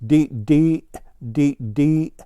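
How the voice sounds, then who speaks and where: A man's voice: medium pitch, animated, slow pace, mellow, dry recording, clean studio sound. A man voicing a silly singsong blue jay. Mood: excited. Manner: repeats phrases in a singsong way. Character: silly talkative male blue jay bird. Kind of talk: storybook read-aloud.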